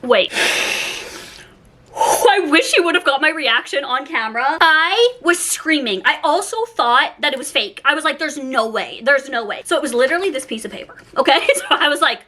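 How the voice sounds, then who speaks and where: A woman's voice: high-pitched, expressive, moderate pace, sharp tone, slight background noise. A young woman from Canada chatting in a casual birthday haul vlog, giddy and gushing, laughing often. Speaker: vlogger.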